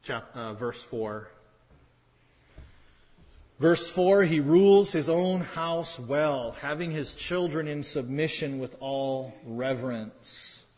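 A man's voice: fairly high pitch, takes it slowly, darkish tone, big-room sound, poor audio. A man preaching a sermon as pastor, in a conversational way with wry asides and pointed repetition.

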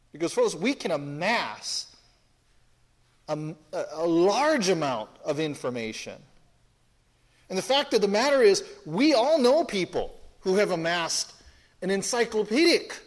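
A man preaching an expository sermon to a congregation, emphatic, often repeating phrases and restarting sentences. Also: high voice.

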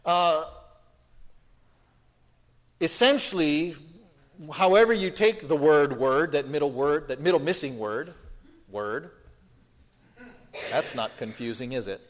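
A man preaching a sermon with a somewhat high voice. He talks in a chatty way, leans hard on key words and throws out rhetorical questions. The sound rings with the long reverb of a big hall. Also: expressive, slow, long pauses. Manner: conversational, emphatic, rhetorical questions, frequent restarts.

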